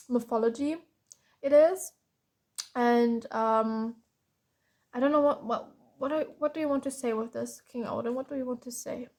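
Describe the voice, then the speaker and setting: A German woman gives a tarot reading in a somewhat high, darkish voice. She sounds tired and openly frustrated, sighing and restarting often.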